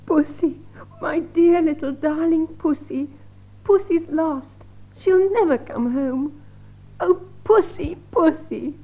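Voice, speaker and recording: A wailing, distraught cat owner. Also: female voice, sits high, slow pace, warm tone, rough recording. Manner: wailing, melodramatic. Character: distraught woman mourning her lost cat.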